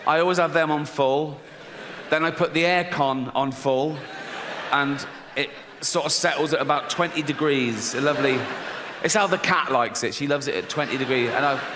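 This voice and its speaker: A middle-aged man with an English accent doing stand-up comedy, deadpan and conversational, laughing at his own jokes. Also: fairly high pitch. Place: large theatre stage. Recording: stage mic in a big hall with audience noise.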